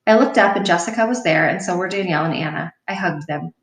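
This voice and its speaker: A woman's voice: lowish voice, fast talker. A woman reading a children's novel aloud in a plain, unpolished way, with a slip now and then. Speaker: audiobook reader. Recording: roomy sound from a distant mic.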